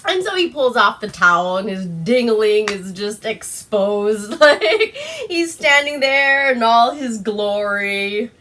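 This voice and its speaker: A woman's voice: a little high, expressive, takes it slowly, sharp tone. A young woman from Alaska casually recapping a movie, tipsy on wine, giggling often and swearing freely. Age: young adult. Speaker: vlogger.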